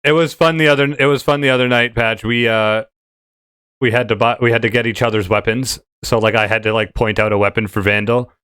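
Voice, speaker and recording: Smooth-voiced man hosting a casual chat. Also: mid-range voice, steady tone, fairly quick, a bit bright, dry recording. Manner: rambling, with many fillers and restarts. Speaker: podcast host.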